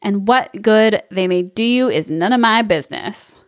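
A woman's voice: medium pitch, normal speed, dry recording, studio quality, lightly acted. A woman voicing a flippant, mercenary female cook with modern slang in a comic storybook reading.

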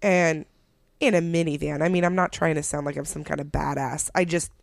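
A woman in a relaxed podcast chat, talking in a slightly low voice. She tells stories with lots of animation and quick laughs. Her recording is close and dry, with no room sound at all. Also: creaky, no echo. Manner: animated storytelling, laughs often. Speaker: podcast co-host, parent. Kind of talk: casual chat.

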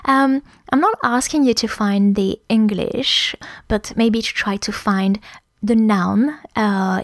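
Soft-voiced lady teaching vocab, goes real slow, spells stuff out, dry sound. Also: mid-range voice, vocal fry, dry recording. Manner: slow, careful, spells words letter by letter. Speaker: French teacher. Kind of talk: language lesson.

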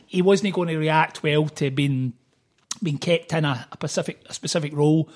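A man, an author guest on a podcast, telling stories in a fast, animated way. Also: on the high side. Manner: fast, animated storytelling with quoted voices. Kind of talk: casual podcast chat.

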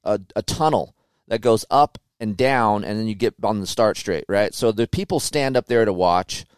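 A man telling a racing story on a podcast, animated and profane, loudly acting out quotes. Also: on the low side, normal speed, clear, resonant tone, no echo, clean studio sound. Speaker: guest, motocross racer.

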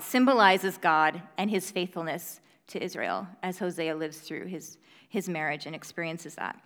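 A woman's voice: mid-range voice, fairly bright tone. A young woman, a mother, giving an earnest, conversational Bible teaching with casual fillers. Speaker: preacher. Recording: reverberant hall.

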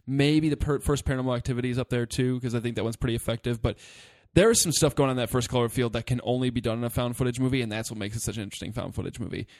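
A man in a relaxed podcast chat, ranting about a film with lively, profane energy. He rambles, restarts his sentences and swears often. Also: medium pitch, very fast, hardly any pauses. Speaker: podcast co-host. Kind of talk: casual movie discussion.

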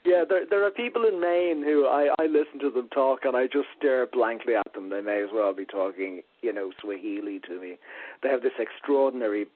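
A man's voice: medium pitch, a little fast, no room sound. A man with an Irish accent, an author interviewed on radio, telling wry self-deprecating stories. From Ireland. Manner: chatty, self-deprecating storyteller. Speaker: author guest. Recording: tinny phone line.

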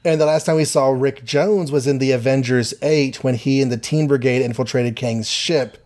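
A man's voice: medium pitch, fairly even intonation, normal speed, darkish tone. A man with an ordinary mid-range voice talks through a comic story in a loose, playful way. He tosses in filler and little quoted asides as he goes. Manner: playful, summarizes plots with goofy quoted voices. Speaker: podcast co-host. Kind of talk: casual chat recapping comics.

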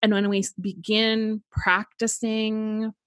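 A woman's voice: medium pitch, level tone, takes it slowly, no echo, studio quality. A woman hosting a podcast, talking things through in a reflective, casual way with lots of "like". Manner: reflective, thinking aloud with frequent "like". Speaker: podcast host. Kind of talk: casual conversational interview.

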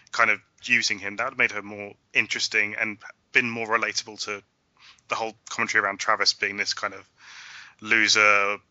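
A man's voice: on the low side, sharp tone, no echo. A man on a podcast panel, talking hesitantly with lots of "kind of". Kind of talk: casual discussion. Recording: dull dry lo-fi sound.

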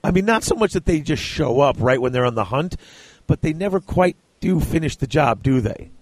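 Man, podcast co-host, excitable book talk with read-aloud bits, dry close sound. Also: fairly high pitch, brisk, dry recording. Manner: laughs often, enthusiastic, reads excerpts aloud. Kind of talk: casual book discussion with read-aloud passages.

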